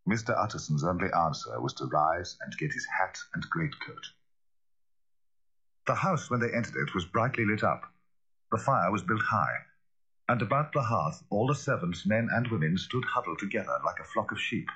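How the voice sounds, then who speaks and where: A man narrating a classic novel as an audiobook, in a measured, grave way. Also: sits low, expressive, bright, forceful tone, breathy edge, lo-fi sound.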